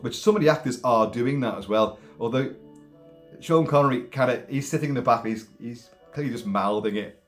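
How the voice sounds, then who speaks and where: A man talking casually about a film, rambling in an animated way with many restarts and put-on voices. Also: on the low side. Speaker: film commentator.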